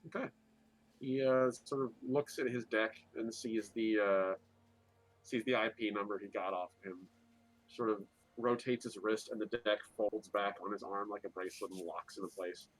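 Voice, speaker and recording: A man's voice: fairly low pitch, fairly even intonation, moderate pace, rough recording. A man playing a tabletop game, narrating his character's actions with many hesitations. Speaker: player.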